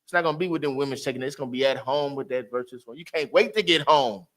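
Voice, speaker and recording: A man leading a Bible class, teaching in a lively, preachy way with street slang and loud exclamations. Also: medium pitch, quick pace.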